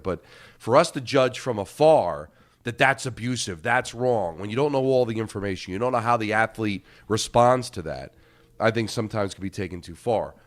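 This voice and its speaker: Middle-aged sports radio co-host, measured argument. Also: male voice, mid-range voice. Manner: measured, argumentative, poses rhetorical questions. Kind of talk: sports talk debate. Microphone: studio microphone.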